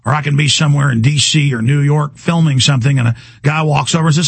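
A man hosting a talk radio show, ranting in an agitated way and tripping over repeated words. His voice is husky and sits fairly high for a man. The sound is close and dry. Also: steady tone, fast talker, hardly any pauses, dry recording. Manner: ranting, agitated, stumbling repetitions.

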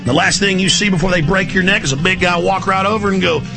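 A middle-aged man hosting a radio talk show, ranting intensely and rapidly in a conspiratorial tone. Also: sits high, vocal fry, music in the background.

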